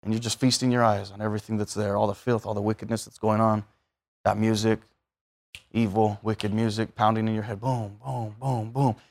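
A man's voice: lowish voice, little pitch movement, a little fast. Guy preaching, chatty storytelling sermon, slips into voices for the people he talks about. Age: adult, married.

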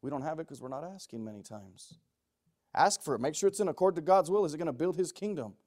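A man preaching a sermon, moving from quiet, pleading passages to loud, shouted ones. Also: on the high side, lively intonation, fast.

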